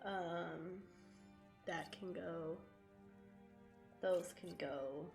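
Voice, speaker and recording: Woman streamer, scratchy throat, unhurried chatty talk, roomy echo, game music under. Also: fairly low pitch, vocal fry, a little mellow. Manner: chatty, swearing, laughing often. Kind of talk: casual live-stream chat while playing. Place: home streaming setup.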